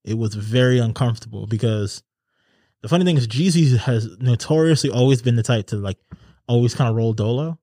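A man's voice: mid-range voice, a little fast, mellow, no room sound, clean studio sound. A man co-hosting a podcast, telling a story in loose slang with lots of fillers. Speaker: podcast co-host. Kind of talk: casual chat.

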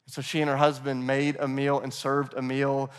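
A man's voice: mid-range voice, monotone, moderate pace, clean tone. A man preaching a sermon in a church, talking casually and calling the congregation "guys.". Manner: acts out quoted voices of scripture figures. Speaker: pastor. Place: church in Nashville.

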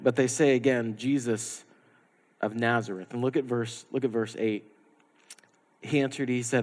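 A man preaching a sermon as the pastor, animated and lively, acting out the quotes he tells. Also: medium pitch, normal speed, pauses often. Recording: long hall reverb.

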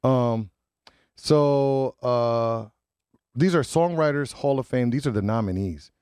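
A man's voice: mid-range voice, slow pace, a little mellow, clean tone, no room sound. A man hosting a morning radio show in a studio, chatting loosely, repeating himself and joking about himself. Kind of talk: casual radio banter. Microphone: studio microphone.

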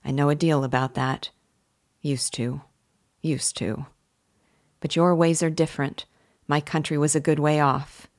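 Shy reclusive weaver man, halting and low, read by a woman; deep voice, dry sound. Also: flat delivery, no echo, lightly acted. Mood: subdued. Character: timid lonely male weaver, reclusive and anxious.

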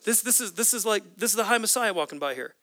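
A male pastor delivers a sermon with a high, bright, forceful voice. He builds impassioned runs of repeated phrases. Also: expressive, fast. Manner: impassioned, repetitive preaching cadence.

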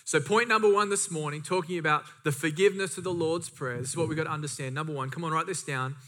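A man's voice: on the high side, quick pace, pushed and bright. A man preaching a sermon, reading scripture and driving points home with emphatic repetition and casual asides. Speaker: pastor.

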